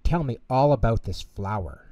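A man voicing a big, kind, gentle male whale in a storybook, talking in a friendly, chatty way. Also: mid-range voice, animated, normal speed, no room sound, close to an everyday voice.

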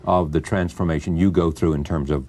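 A man's voice: extremely low pitch, steady tone, a little fast, a crowd in the background. A man hosting a studio talk show, giving brief prompts and cueing clips. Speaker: host.

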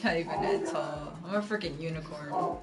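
A streamer giving live gameplay commentary, excitable and frustrated, swearing and yelling at the game. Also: medium pitch, moderate pace.

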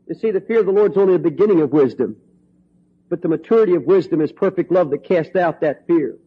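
A middle-aged man preaching a storytelling sermon, impassioned, swinging from hushed tones to ringing cries. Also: fairly high pitch, fast, slightly rough. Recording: dull lo-fi recording.

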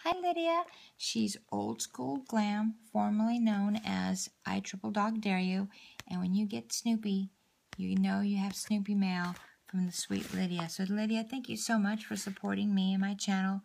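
A woman hosts a casual craft unboxing, gushing over each piece. Her voice carries a heavy gravelly fry, and she often slips into a soft half-whisper. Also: mid-range voice, little pitch movement, moderate pace. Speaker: craft channel host. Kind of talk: casual unboxing chat to viewers.

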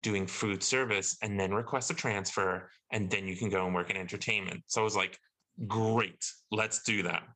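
A British man, a guest actor on a podcast, telling an animated story and acting out the exchanges he quotes. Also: lowish voice, normal speed, poor audio. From Britain.

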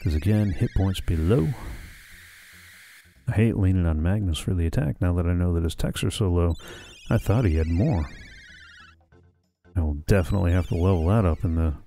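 A man talks his way through a video game in a relaxed, chatty, thinking-aloud manner. His voice sits very low with a gravelly edge and a dark, mellow tone. Faint game music plays underneath. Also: moderate pace, long pauses. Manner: chatty, muses aloud, reads game dialogue plainly. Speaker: let's play host. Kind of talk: casual gameplay commentary.

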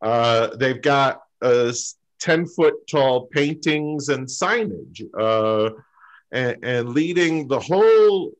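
A man doing a stand-up story over a video call, halting, with lots of fillers and pauses. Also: medium pitch, expressive, poor audio. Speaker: stand-up comic.

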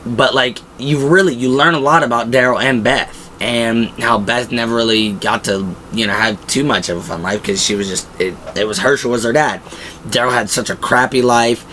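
A man's voice: mid-range voice, moderate pace, sharp tone, slight background noise, poor audio. A young man hosting a show, giving casual, enthusiastic fan commentary in a rambling way full of fillers. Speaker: pop-culture show host.

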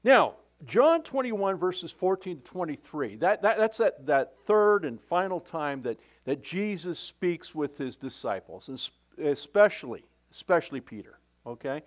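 A man's voice: on the high side, very animated, a little slow, few pauses. A male pastor preaching a sermon in a church. He often stops and restarts, repeating words, and makes casual asides to the congregation. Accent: Canadian English. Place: church sanctuary.

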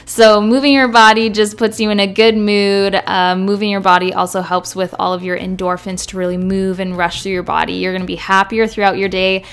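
A woman's voice: medium pitch, level tone, a little fast, few pauses, a bit bright. A young woman chatting casually to viewers in a vlog, upbeat and direct. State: out of breath at times. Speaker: vlogger.

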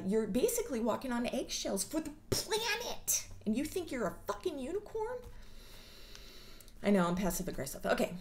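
A woman's voice: mid-range voice, a little mellow, slight background noise. A woman vlogger giving a casual monologue in a blunt, profane and sarcastic way. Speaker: mental health vlogger.

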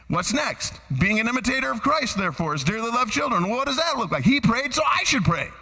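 A man preaching a sermon as pastor, quizzing the congregation with lively shouts and then dropping to hushed, earnest tones. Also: extremely high pitch, a little fast, gravelly, big-room sound. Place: church sanctuary.

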